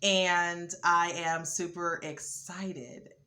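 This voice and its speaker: A woman hosting her own channel, talking casually to camera with many ums and a building excitement. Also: on the low side, very slow. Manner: relaxed, lots of ums, rising excitement. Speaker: vlogger host.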